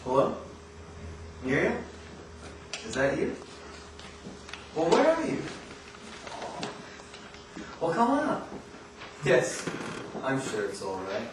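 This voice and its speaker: School stage: a young man as a coaxing Hollywood big shot with a lively pitch, far-off, very echoey and noisy. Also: takes it slowly, long pauses. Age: teens. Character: smooth, eager male Hollywood producer. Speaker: student actor in a school play. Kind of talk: stage acting. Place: school stage before an audience. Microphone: far camera in the hall.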